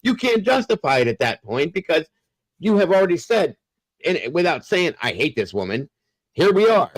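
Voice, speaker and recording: A man's voice: sits high, very animated, normal speed, dry recording, low-quality recording. Blunt, cussing man hosting. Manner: blunt and profane when heated. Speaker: host. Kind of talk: casual chat.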